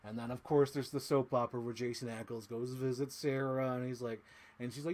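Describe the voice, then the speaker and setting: A man's voice: medium pitch, a little fast. A man casually recapping a horror film, acting out quotes and laughing as he goes. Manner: animated retelling with acted-out quotes and laughs. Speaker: host.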